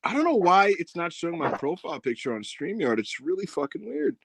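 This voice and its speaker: A man's voice: fairly high pitch, wildly swooping pitch, brisk, creaky, a bit bright, slightly rough, dry recording. A man co-hosting a wrestling review podcast in loose, slangy banter, laughing often. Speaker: podcast co-host. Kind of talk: casual wrestling review chat.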